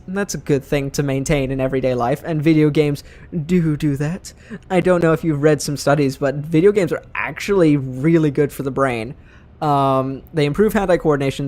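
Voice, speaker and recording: A man's voice: on the high side, a little mellow. A man casually commenting as he plays a video game, chatty and self-deprecating, with game music behind him. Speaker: let's play host. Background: game music and sound.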